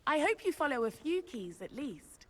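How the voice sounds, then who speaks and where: A woman's voice: high-pitched, very animated, moderate pace, a bit bright. An actress voicing a chatty, eager young female student at a magic school. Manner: chatty and eager, sharing rumours. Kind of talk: video game dialogue.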